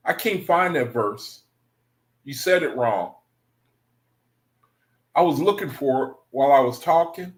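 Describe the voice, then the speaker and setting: A man's voice: mid-range voice, expressive, a little slow, long pauses. A man hosting an online study group, talking casually and rambling, repeating himself and calling his viewers brethren. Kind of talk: casual livestream talk to viewers.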